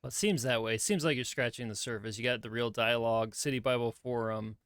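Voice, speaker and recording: Podcast host, male, brisk and clear-voiced, casual questions. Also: medium pitch, a bit bright, dry recording, clean studio sound. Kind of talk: casual interview talk.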